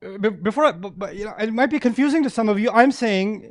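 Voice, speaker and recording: A middle-aged man giving an animated religious lecture to a live audience, often asking them questions. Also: high-pitched, fast, few pauses, dry recording, clean studio sound. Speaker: Islamic lecturer.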